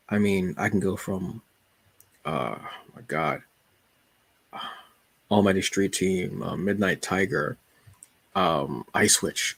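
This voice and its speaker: Gravelly man chatting about his reading. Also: low-pitched, measured pace, long pauses, dry recording. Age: adult. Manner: relaxed, joking, storytelling with asides. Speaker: channel host. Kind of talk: casual talk about comics and books.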